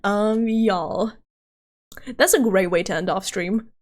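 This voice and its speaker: A woman's voice: medium pitch, slow pace. A woman VTuber streamer chatting casually on a live stream, giggly and rambling, her voice tired and wearing out. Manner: giggly and rambling, with many restarts.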